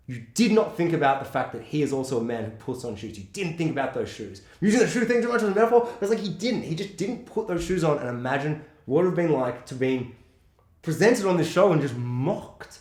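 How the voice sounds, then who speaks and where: Aussie guy ranting about a movie, swears a lot, voice jumps all over, kinda high, echoey room. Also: quick pace. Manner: animated, swearing, acts out film quotes in high voices. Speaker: podcast co-host. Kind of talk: casual film discussion.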